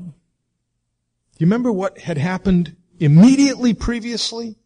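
Male preacher, slightly high, expressive sermon delivery with rhetorical questions. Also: measured pace, pauses often.

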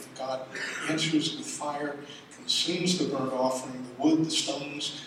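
A man preaching a sermon, reading scripture dramatically and building to loud exclamations. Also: fairly high pitch, level tone, unhurried, noisy background. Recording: echoey hall from far off.

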